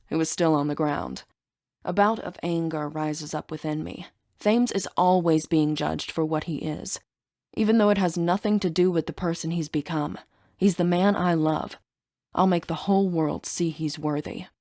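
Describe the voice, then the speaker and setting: A woman narrates a first-person fantasy audiobook with a brisk, sarcastic edge. Her voice sits low for a woman. The recording is dry and close, with no room around it. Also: darkish tone, no echo.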